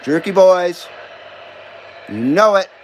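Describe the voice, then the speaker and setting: A man's voice: high voice, lively intonation, slow, a little hiss or hum, poor audio. A middle-aged man hosting a casual live stream, reading viewer comments aloud and bantering back, swearing freely. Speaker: livestream host.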